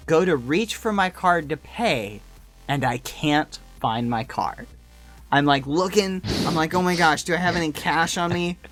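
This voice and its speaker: A man casually telling a story to friends, animated and full of "like" and "you know" fillers. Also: a little high.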